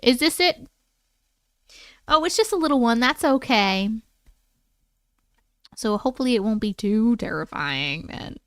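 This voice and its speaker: A chatty woman hosts a livestream, joking with viewers and reading their stories aloud. Her voice sits a little high, and she swears casually with a playful edge. The sound is close and dry, with no room echo. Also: lively intonation, a little slow, long pauses, smooth. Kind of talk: casual live chat and story reading.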